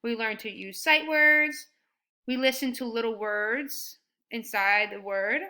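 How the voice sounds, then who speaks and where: A woman teaching a first grade writing lesson, sounding out words slowly and praising her students. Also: a little high. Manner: slow and deliberate, sounding out words; encouraging, animated when praising.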